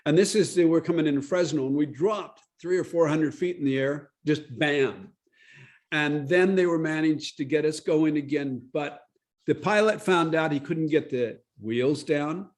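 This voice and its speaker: A man leading a Bible study, telling his testimony in an animated way and acting out the quotes in his story. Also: a little high, measured pace.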